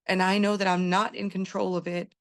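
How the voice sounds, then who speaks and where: A woman's voice: medium pitch, little pitch movement, brisk. A middle-aged woman telling her own story as a patient in an interview, candid and earnest, retelling conversations with many fillers and restarts.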